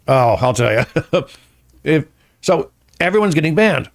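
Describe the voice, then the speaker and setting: A man's voice: on the high side, big pitch swings, a little slow, no echo, studio quality. A man, a stand-up comedian guest, telling rambling anecdotes in casual chat and acting out the quotes.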